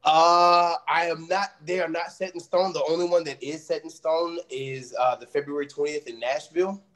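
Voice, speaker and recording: A man's voice: a little high, steady tone, moderate pace, fairly bright tone. A man from Illinois, a pro wrestler, chatting casually as a podcast guest and laughing often.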